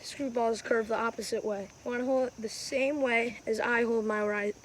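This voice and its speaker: A wiffleball player hosts her channel's casual how-to vlog outdoors on a windy day, filmed with a phone camera. Her slightly high voice has fairly even intonation at a normal speed as she rambles chattily and fixes her own mistakes. The audio is poor.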